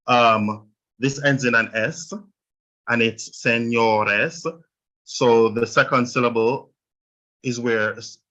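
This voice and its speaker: Bright-voiced Jamaican man teaching Spanish. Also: mid-range voice, muffled recording. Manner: explains step by step, checks in with "right?". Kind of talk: online language lesson.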